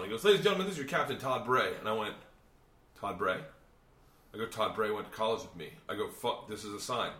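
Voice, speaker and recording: A man's voice: lowish voice, bright, forceful tone. A man hosting a casual chat among comedians, telling a profane, rambling story. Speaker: podcast host. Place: hotel room. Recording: echoey room.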